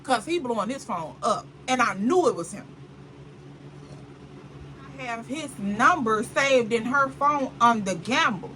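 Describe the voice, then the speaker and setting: Brief: woman storyteller, lively and dramatic, bright voice with faint background noise. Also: a little high, measured pace, poor audio. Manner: animated and dramatic, full of slang asides to the viewer. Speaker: vlogger. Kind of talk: casual storytime chat.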